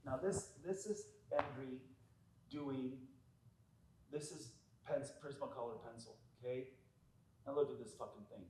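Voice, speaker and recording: A tattoo artist, talking on a podcast. He is blunt and profane, and he keeps the stories coming with an animated, storytelling push. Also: medium pitch, unhurried, long pauses, a little hiss or hum. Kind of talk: casual podcast conversation.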